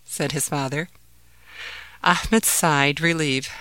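A woman narrating a children's bedtime story in a steady, gentle voice. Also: low-pitched, unhurried, no room sound.

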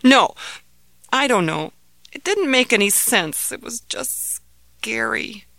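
A woman's voice: sing-song, slow, vocal fry, bright, forceful tone, no room sound, heavily acted. A woman voicing a frightened young boy who has just woken from a nightmare, speaking timidly and pleadingly. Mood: anxious. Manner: timid, pleading, higher child voice.

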